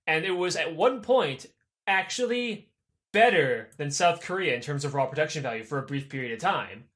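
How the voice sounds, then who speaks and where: A young man co-hosting a casual podcast tells a history story full of swearing. His high voice swings widely in pitch, and he's animated, slipping into quick voices for the characters he describes.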